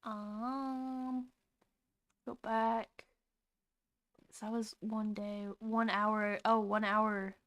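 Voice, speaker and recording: A young woman streaming casually, chatty and excitable, swearing freely, suffering from hiccups. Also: medium pitch, very slow, long pauses. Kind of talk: casual livestream reaction.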